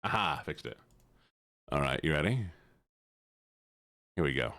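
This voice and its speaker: A man's voice: extremely low pitch, sing-song, a little slow, vocal fry, pushed and bright, dry recording, studio quality. A man streaming live, chatting with his viewers in a playful, teasing way.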